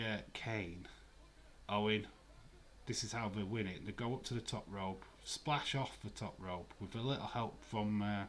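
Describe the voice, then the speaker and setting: Chatty man, low voice. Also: normal speed, fairly bright tone. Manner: chatty, swears freely, laughs while reading out viewer comments. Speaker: live-stream host. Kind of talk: casual live watch-along commentary.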